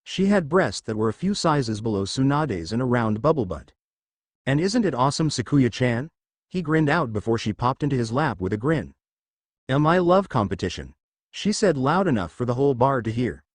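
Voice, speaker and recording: Male narrator, mid pitch, animated reading, dry close mic. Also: fairly quick, few pauses, husky, no echo. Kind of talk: reading fan fiction aloud.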